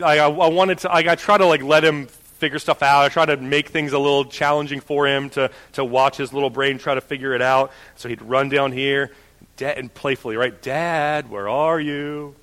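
A young man preaching a sermon, moving from a personal story told in a quiet conversational voice to forceful preaching. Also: mid-range voice, fairly even intonation, moderate pace. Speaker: pastor. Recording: church hall reverb.

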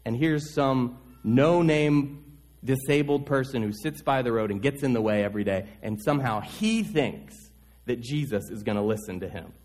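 A man's voice: mid-range voice, lively intonation, normal speed, darkish tone. A man preaching a sermon as the pastor, in a conversational way with many rhetorical questions.

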